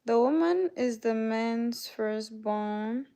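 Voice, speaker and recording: Speaking slowly, this Canadian host has a slightly high voice that's both gravelly and mellow. She chats casually on her livestream, welcoming viewers by name and reading their messages aloud.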